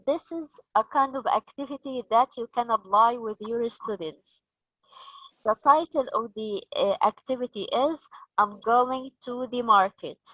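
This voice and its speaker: A woman with an Egyptian accent leading a teacher training session, slow and patient, asking the group questions. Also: on the high side, pushed and bright, no room sound, highs cut off.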